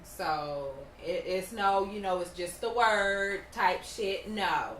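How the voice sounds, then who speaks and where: A woman's voice: mid-range voice, slow, a bit bright, distant mic, a little hiss or hum. A woman co-hosting a podcast, telling a story in casual, emphatic chat. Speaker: podcast co-host. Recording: echoey room, off mic, faint ambience.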